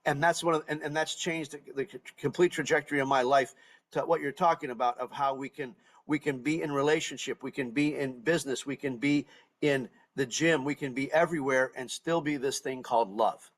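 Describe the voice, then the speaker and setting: A man's voice: medium pitch, fairly even intonation, a little fast. A middle-aged man hosting a podcast, speaking earnestly and emphatically, often repeating and restarting words. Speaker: podcast host. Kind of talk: casual interview chat.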